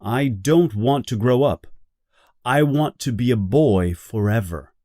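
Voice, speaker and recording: A man's voice: medium pitch, expressive, measured pace, dark tone, no room sound, clean studio sound, close to an everyday voice. A man voicing a serious, stubborn boy who refuses to grow up, in a storybook reading. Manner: serious, firm.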